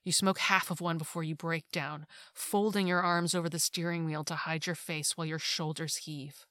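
A woman reading a second-person short story aloud in a hushed, intimate way that often drops to a whisper. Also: low voice, fairly even intonation, normal speed, dry recording, clean studio sound. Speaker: story narrator.

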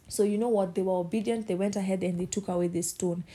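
A woman preaching a sermon. Her voice is mellow and dark-toned, and her delivery is passionate as she acts out the voices in the story. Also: medium pitch, fairly even intonation, fast talker.

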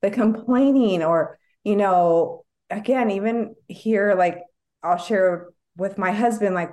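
A woman's voice: medium pitch, slow, mellow. A woman psychologist talking in a casual podcast conversation, reflective and thoughtful, often restarting her sentences. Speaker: psychologist guest.

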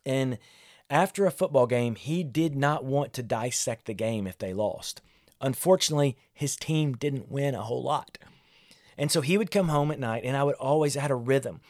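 A man's voice: mid-range voice, moderate pace, darkish tone, no room sound, studio quality. A man, a pastor talking candidly and conversationally about parenting, often restarting his sentences. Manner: candid, self-deprecating, conversational with frequent restarts. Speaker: pastor and podcast host. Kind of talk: reflective solo podcast talk on parenting.

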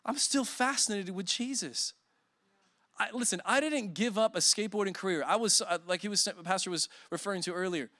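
A man's voice: high-pitched, a little fast, bright, forceful tone, dry recording. A man in his forties preaching a sermon as a guest speaker, telling emotional stories with self-deprecating humor.

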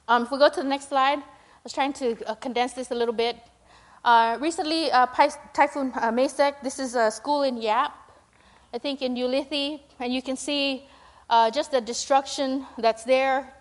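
High-pitched young woman, informal sermon, chatty and self-mocking. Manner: chatty, full of fillers and "right?"; acts out her own prayers in a higher, louder voice. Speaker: speaker at a church gathering.

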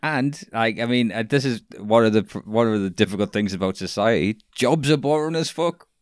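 A man chatting casually as a podcast co-host, animated and swearing freely, laughing at his own jokes. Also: lowish voice, brisk, smooth, no room sound, studio quality. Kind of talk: casual chat.

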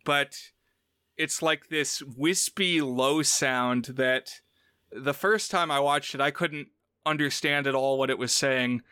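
A man's voice: medium pitch, slow, smooth, no echo, clean studio sound. A man co-hosting a podcast, chatting casually about a film he has watched and animatedly retelling scenes in quoted voices. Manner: animated retelling, quoting characters in raised voices. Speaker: podcast co-host. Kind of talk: casual film review chat.

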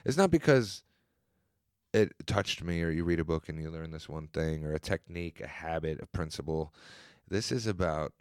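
A man's voice: very deep voice, animated, moderate pace, clean tone, no echo, clean studio sound. A man from the US, a podcast co-host, telling a long personal story in a rambling, tangent-jumping way with some swearing. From US, grew up in Buffalo. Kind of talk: casual storytelling chat. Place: room at a comedy venue.

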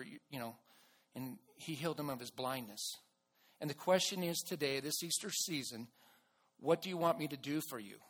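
A man preaching a sermon to his church in an earnest way, with restarts and bursts of loud emphasis. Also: medium pitch. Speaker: pastor.

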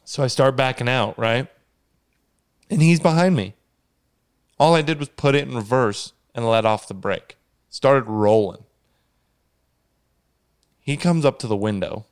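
A man telling a funny true story in a deadpan, casual way. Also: medium pitch, measured pace, long pauses, clean tone. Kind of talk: casual spoken anecdote.

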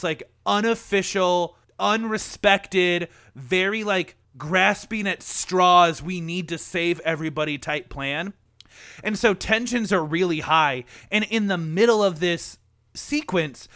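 A man's voice: on the high side, bright, forceful tone, no room sound, clean studio sound. A young man retelling a film scene in a casual, emotional podcast chat, full of "like" fillers. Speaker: podcast co-host. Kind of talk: casual movie discussion.

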